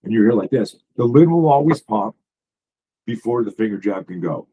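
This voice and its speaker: Husky, emphatic self-defense coach, low voice. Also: male voice, animated, phone-quality sound. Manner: emphatic, profane, rapid storytelling with restarts. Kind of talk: casual podcast conversation.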